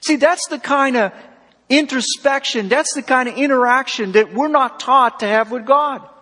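High husky preacher in a big hall. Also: male voice, normal speed, bright, forceful tone. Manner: emphatic, rising and falling sharply, acts out dialogue. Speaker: pastor. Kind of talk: sermon. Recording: long hall reverb.

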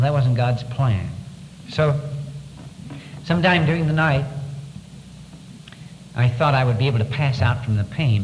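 A man speaks to an audience in a mid-range voice, giving a personal testimony. He tells it in an earnest, halting way, and his voice drops low and quiet on the painful parts. The sound carries a long reverb, as in a large hall, over a faint bed of ambience. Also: slight background noise. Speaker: former prisoner of war giving testimony.

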